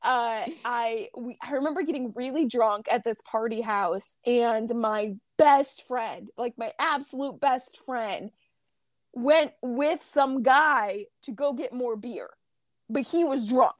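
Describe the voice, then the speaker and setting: Woman podcast co-host, high voice, dry close sound, casual storytelling. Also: slow, no echo. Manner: animated storyteller, voice climbs high when retelling her crying. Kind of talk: casual chat.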